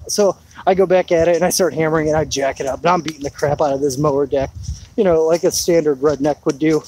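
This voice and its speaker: A man's voice: fairly high pitch, steady tone, fast talker, darkish tone, slight background noise, poor audio. A man rambling through a laid-back live chat outdoors in his rainy backyard, full of fillers. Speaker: homesteading vlogger.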